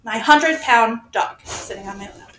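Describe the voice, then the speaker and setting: A woman's voice: on the high side, moderate pace, fairly bright tone, a little hiss or hum, low-quality recording. A woman in her forties chatting casually from her bedroom floor into a microphone, laughing often and poking fun at herself. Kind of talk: casual chat. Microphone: desk microphone.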